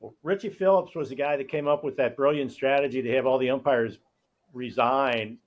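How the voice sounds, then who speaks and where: A middle-aged man hosts a casual chat and tells lively, anecdotal stories. He talks at an everyday male pitch with an easy, conversational flow. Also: brisk, lo-fi sound. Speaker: host.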